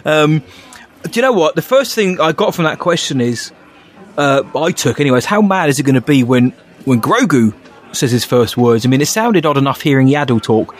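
A man's voice: fairly high pitch, animated, normal speed. A man co-hosting a podcast, rambling and self-mocking in casual chat, laughing often. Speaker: podcast co-host.

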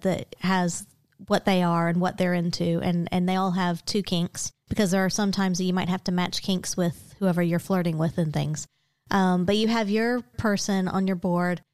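A woman's voice: medium pitch, a little mellow, no room sound, clean studio sound. A woman co-hosting a podcast in casual chat, explaining things in an easygoing way. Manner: easygoing, explaining, laughs often. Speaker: podcast co-host.

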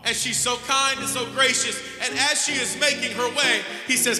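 A man's voice: very high-pitched, fairly even intonation, normal speed. A pastor in his thirties preaching a sermon and calling out to the congregation. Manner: emphatic preaching with crowd call-outs. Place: church sanctuary. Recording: echoey hall with music behind.

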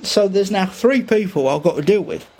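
A man spins an improvised comic tale in a high, lively voice that swoops all over. He rambles with restarts and deadpan swearing. Faint noise hums behind him. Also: moderate pace. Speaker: improv performer telling a tall tale.

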